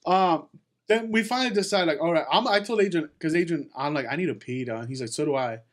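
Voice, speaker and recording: A man's voice: a little high, fast talker. A young man co-hosting a podcast, telling a rambling, stop-start story full of slang and swearing. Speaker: podcast co-host. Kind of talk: casual chat.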